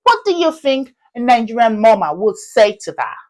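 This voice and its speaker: Animated woman chat-show host. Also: a little high, normal speed. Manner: animated, playful quizzing.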